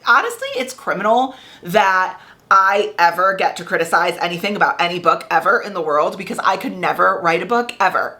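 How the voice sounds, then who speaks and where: A woman's voice: mid-range voice, sharp tone. A woman in her thirties chatting casually in a reading vlog, with lots of filler words and restarts. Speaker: book vlogger.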